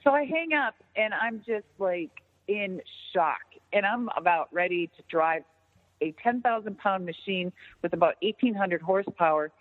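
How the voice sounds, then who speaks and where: A woman's voice: medium pitch, moderate pace, in a large hall. Woman telling a story over a tinny phone line. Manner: animated, profane, acts out quoted dialogue. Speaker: interview guest, former wrestler. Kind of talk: casual phone interview storytelling.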